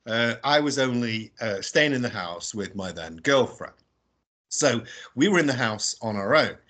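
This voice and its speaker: A British man, a guest explorer, telling a story casually and in an animated way, often adding tag questions and laughing as he talks. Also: medium pitch, a little slow. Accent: British English. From England. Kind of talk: casual storytelling on a radio show.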